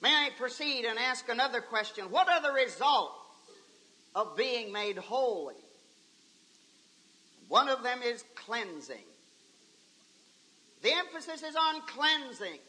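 Man, preacher, fervent camp meeting sermon, very high pitch, bright sharp tone. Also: expressive, takes it slowly, long pauses, rough recording. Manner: fervent, exclaiming.

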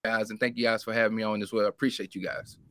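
A man with a bright, crisp voice speaks on a flat, even line, thanking the hosts plainly. The sound is dry and close. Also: lowish voice, very fast, dry recording. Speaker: guest panelist. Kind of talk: casual chat.

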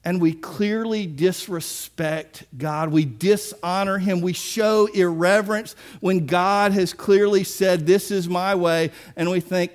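A man's voice: high voice, fairly even intonation, slow pace, hardly any pauses. A man preaching a sermon in a conversational way, acting out the people he describes. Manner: conversational preaching with mock-quoted voices and asides. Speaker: pastor.

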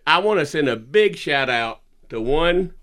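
A man hosts a relaxed podcast chat, spinning folksy yarns between laughs. His voice is bright and forceful, and his pitch swoops up and down. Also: measured pace. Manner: folksy storyteller, laughs a lot. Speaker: podcast host.

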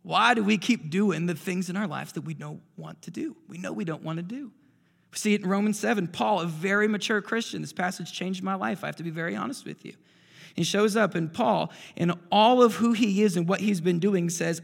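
A man in his thirties delivers a sermon, his fairly high voice carrying a gravelly edge. He tells stories with animation, jumping from loud bursts to hushed asides. The sound rings out in a large hall with a long reverb tail. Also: brisk. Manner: animated storyteller, swings between loud bursts and quiet asides. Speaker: pastor.

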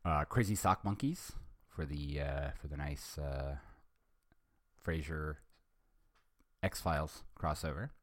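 A man's voice: extremely low pitch, slow, pauses often, dry recording, studio quality. A man hosting a podcast, reading fan fiction aloud and chatting hesitantly, with many ums and self-corrections. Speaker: podcast host.

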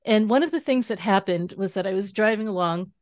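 A woman guest author talking through her practice in a casual interview, animated and explanatory, laughing easily. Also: mid-range voice, brisk, no echo, studio quality. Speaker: guest author and tarot teacher.

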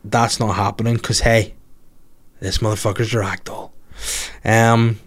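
A man's voice: on the low side, level tone, a little slow. A man hosting a podcast, chatting casually and joking irreverently as he reads out listener stories. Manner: joking, irreverent, swears freely. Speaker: podcast host.

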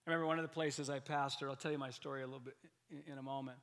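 A man, a pastor, preaching a lively sermon with energetic bursts of loud emphasis and frequent repeated words. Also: medium pitch, very fast.

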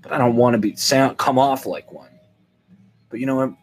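A man's voice: medium pitch, normal speed, a little hiss or hum. Rambling, wry older man. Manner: rambling, wry, animated swings into quoted voices. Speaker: podcast host. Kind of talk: solo comedic monologue.

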